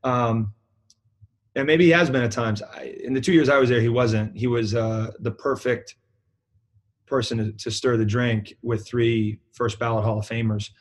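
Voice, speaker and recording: A man's voice: mid-range voice, fairly even intonation, normal speed. A man with a New England accent, a basketball program director, telling a long anecdote in a casual interview with many fillers and restarts.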